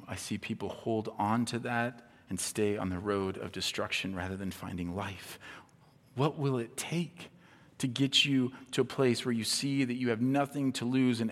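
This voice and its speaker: A man preaching a sermon as pastor, impassioned, swinging between hushed tones and near-shouting. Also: fairly low pitch. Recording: long hall reverb.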